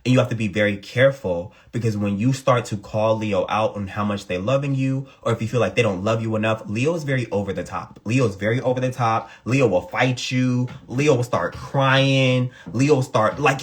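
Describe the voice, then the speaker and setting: A man's voice: normal speed, hardly any pauses. A man giving a casual astrology reading, repeating points for emphasis in colloquial speech. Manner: animated, acts out quotes in a higher voice. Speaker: astrology reader. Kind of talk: casual astrology talk to camera.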